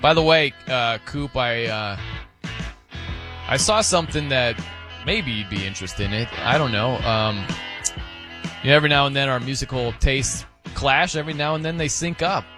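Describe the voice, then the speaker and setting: A man's voice: medium pitch, normal speed, over music. A man hosting a sports radio show in casual, rambling, self-amused banter at a studio microphone.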